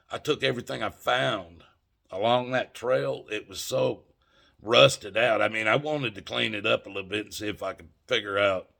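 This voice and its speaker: A man's voice: fairly low pitch, creaky, a bit bright. A man telling a story in a casual, folksy and emphatic way to his viewers. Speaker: channel host.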